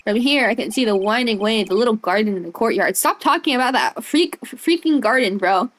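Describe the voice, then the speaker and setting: A woman's voice: a little high, lively intonation, fairly quick. A young woman streamer giving casual, playful gameplay commentary, giggling often and rambling.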